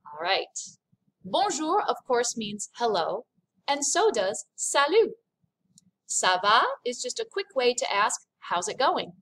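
A woman French teacher recording a remote lesson, upbeat and clear, stressing each French phrase carefully for students to repeat. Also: on the high side, very animated, unhurried, a bit bright. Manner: upbeat, over-enunciated French demonstrations.

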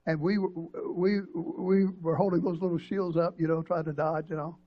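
An older man, preaching a sermon as pastor and telling a personal story in an emotional, halting way with many restarts. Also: fairly high pitch, flat delivery, muffled recording. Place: church sanctuary.

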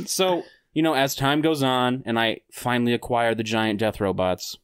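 A man's voice: medium pitch, steady tone, takes it slowly, pauses often, dry recording. A man, telling a game story in casual podcast chat and acting out other players' lines. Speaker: podcast host.

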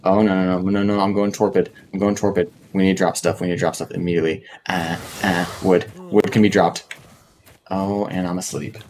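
A man's voice: sits low, little pitch movement, fairly quick, darkish tone, a little hiss or hum. A man from North America giving casual commentary as he streams a survival game, chatting to himself and to the creatures and often repeating words. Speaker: gaming streamer.

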